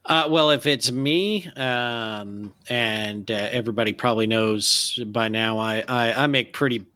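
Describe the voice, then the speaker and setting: A man co-hosting a casual podcast, speaking haltingly with many restarts and self-deprecating humor. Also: mid-range voice, bright, forceful tone. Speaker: podcast co-host. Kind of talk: casual chat.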